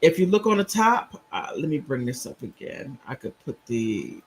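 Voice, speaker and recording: A man's voice: mid-range voice, very animated, moderate pace, slightly rough, poor audio. A man hosting a casual live stream, rambling through commentary and reacting to viewer comments. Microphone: computer mic on a streaming app.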